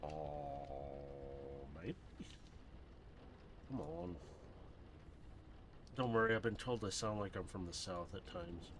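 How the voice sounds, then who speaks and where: A man's voice: low-pitched, slow, pauses often, background noise. Laughing, rambling male streamer. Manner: laughs often, rambling and animated. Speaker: streamer building a brick model. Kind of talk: casual chat while building.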